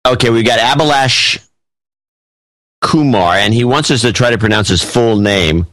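A man's voice: medium pitch, moderate pace, a bit bright, no echo, poor audio. A man co-hosting a podcast in casual chat, reading listener donations aloud in a matter-of-fact way. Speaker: podcast co-host.

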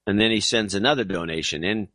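A man's voice: on the low side, quick pace, bright, forceful tone, dry recording. A man co-hosting a podcast, reading listener donations aloud with dry, wry asides in casual chat.

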